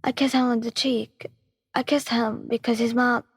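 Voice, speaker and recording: Brief: woman doing a scared young girlfriend, raised pitch, pleading, breathy, reverby. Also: flat delivery, normal speed, studio quality. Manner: pleading, stammering.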